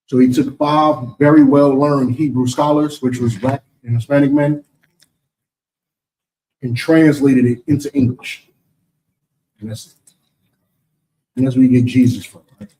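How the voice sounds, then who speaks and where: A man's voice: mid-range voice, unhurried, pauses often, warm tone, far from the mic, slight background noise, poor audio. A man with an American accent teaching and answering questions in a preaching session, emphatic and rhetorical, often asking "you understand?".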